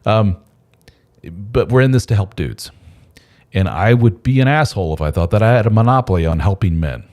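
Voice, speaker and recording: A man's voice: fairly low pitch, expressive, moderate pace, a little mellow. A man hosting a casual live stream, talking in a loose, rambling and candid way with mild swearing. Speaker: host of a men's support channel.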